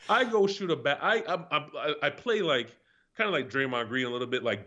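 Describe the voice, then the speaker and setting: A man's voice: on the high side, animated, moderate pace, pushed and bright. A man in his forties, a retired pro athlete, telling stories as a guest in a casual, profane, laughing way. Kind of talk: casual storytelling chat. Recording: slightly dull lo-fi sound.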